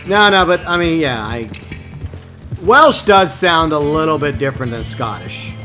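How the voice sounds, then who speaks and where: Bright-voiced man chatting on stream. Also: a little high, sing-song, measured pace, faint music behind. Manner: rambling, talks to chat with many restarts. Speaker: live streamer playing an online game. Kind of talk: casual gaming stream chat.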